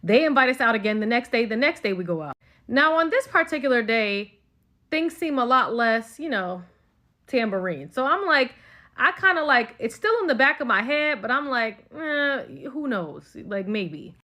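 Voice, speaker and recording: A woman's voice: fairly high pitch, expressive, moderate pace, pushed and bright. A pregnant young woman telling a personal story in casual story-time style, chatty and full of filler words. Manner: chatty, conversational, lots of "like" fillers.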